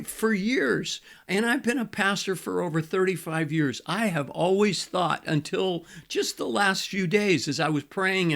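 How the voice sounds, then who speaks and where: Older pastor coaching couples, slightly high voice. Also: male voice. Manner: conversational, repeats key points, frequent fillers. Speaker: Christian marriage coach and pastor. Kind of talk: teaching to camera.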